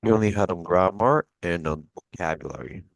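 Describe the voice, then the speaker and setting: A man with a very low, gravelly voice works through a test review with a student. He explains patiently, restarting often and leaning on "like." The sound is dry and close, as on a video call. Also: a little fast, no echo. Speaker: English test tutor. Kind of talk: one-on-one lesson review.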